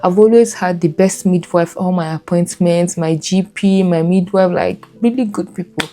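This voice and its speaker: A woman's voice: lowish voice, normal speed, warm tone. A woman telling her own birth story in candid, earnest storytelling, repeating herself as she recalls it.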